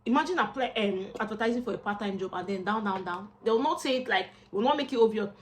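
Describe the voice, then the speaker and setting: A young woman with a Nigerian accent, chatting casually to camera as a vlogger and job seeker, expressive and slipping into Pidgin asides. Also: mid-range voice, quick pace, slight background noise.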